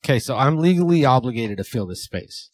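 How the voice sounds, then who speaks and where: A man with a New Zealand accent trades joking banter as a podcast co-host. His voice sits at a middle pitch. The sound is dry and close, with no room echo. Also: lively intonation, brisk. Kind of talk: casual chat.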